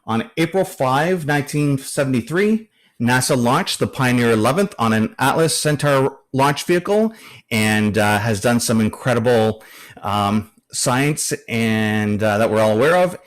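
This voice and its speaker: Unhurried and animated, a man with a mid-range voice reads from his notes while presenting to an astronomy club. He hesitates with many fillers and drops in the occasional dry joke.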